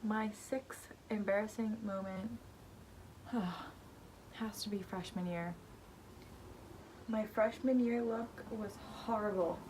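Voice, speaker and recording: A woman's voice: medium pitch, steady tone, takes it slowly, pauses often, music in the background. A teenage girl vlogging, chatting casually about her embarrassing moments with lots of "like" and rambling asides. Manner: chatty, rambling, heavy use of "like". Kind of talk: casual storytelling to camera.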